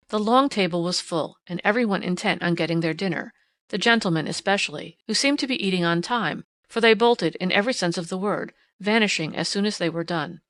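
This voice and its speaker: A woman narrating an audiobook in first person with a measured, expressive reading. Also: mid-range voice, no echo.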